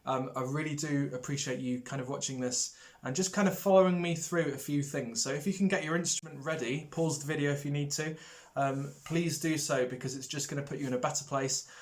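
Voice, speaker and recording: A man teaching brass players in a recorded lesson, friendly and hesitant, with many ums, singing rhythms out as "da". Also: fairly high pitch. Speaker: music teacher.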